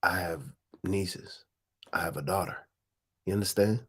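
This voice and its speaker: A man's voice: low voice, fairly even intonation, a little slow, husky. A man hosting his own channel, giving a profane, preachy monologue full of slang and rhetorical questions. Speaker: host. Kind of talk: casual monologue.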